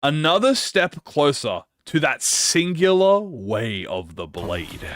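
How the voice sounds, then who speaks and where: A man hosting a casual gaming reaction, excitable and slangy, swearing and laughing often. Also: on the high side, takes it slowly, faint music behind. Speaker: gaming channel host.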